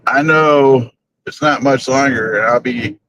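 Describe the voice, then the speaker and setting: A man's voice: medium pitch, a little slow, fairly bright tone, slight background noise, low-quality recording. A man hosting a paranormal group's live stream, chatting casually from his car on the way to work, rambling and chuckling often. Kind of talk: casual live-stream chat while driving.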